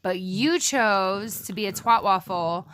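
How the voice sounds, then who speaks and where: A woman's voice: medium pitch, slow pace, fairly bright tone, slight background noise. A young woman vlogging casually at home, blunt and sarcastic as she rants. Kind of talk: casual chat.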